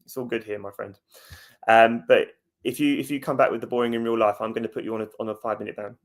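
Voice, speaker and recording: A man's voice: medium pitch, steady tone, fast talker. A man hosting a fan livestream, chatting casually and jokingly, answering viewers' comments. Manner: chatty, jokey, talks straight to viewers. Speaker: fan channel host.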